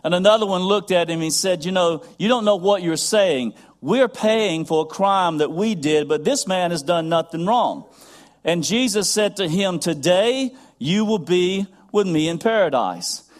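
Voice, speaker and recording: A man's voice: sits high, expressive, measured pace. A man preaching a sermon, earnest and building in intensity, repeating phrases as he goes. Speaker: pastor.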